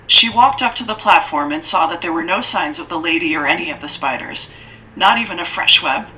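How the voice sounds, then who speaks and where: A woman reading a dark fantasy story aloud as an audiobook narrator, with steady, measured, dramatic storytelling. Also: fairly low pitch, slight background noise, low-quality recording.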